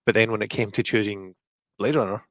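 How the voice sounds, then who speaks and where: A Scottish man with a softened Glasgow accent, chatting casually and rambling with restarts while commenting on a film. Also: lowish voice, fairly even intonation, brisk, no room sound. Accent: Glaswegian, softened. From Scotland. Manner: rambling, restarts, self-deprecating. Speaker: guest commentator. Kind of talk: casual watch-party chat.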